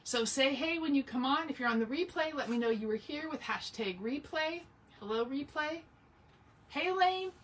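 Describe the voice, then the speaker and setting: A woman's voice: high voice, expressive, normal speed, fairly bright tone, distant mic. Chatty woman hosting a craft livestream. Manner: chatty, greets viewers by name between steps. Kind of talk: casual live craft tutorial.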